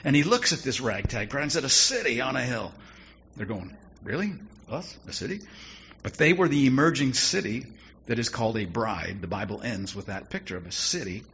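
A man's voice: lowish voice, a bit bright. A man preaching a sermon in a conversational style, with wry asides and rising emphasis. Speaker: pastor. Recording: dull lo-fi sound with faint noise.

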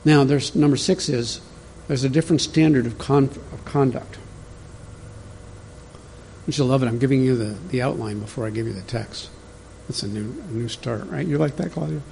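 Male pastor, mid-pitched and warm, easygoing conversational sermon delivery. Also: normal speed, vocal fry, a little hiss or hum. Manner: conversational, teaching from an outline, talks directly to the congregation.

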